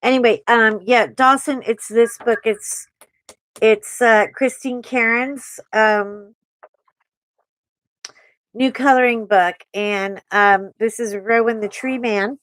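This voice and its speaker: A woman's voice: fairly high pitch, fairly even intonation, slow, fairly bright tone, dry recording, poor audio. A middle-aged woman hosting a casual coloring stream, rambling and chatting with frequent laughter. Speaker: host. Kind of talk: casual chat while coloring live.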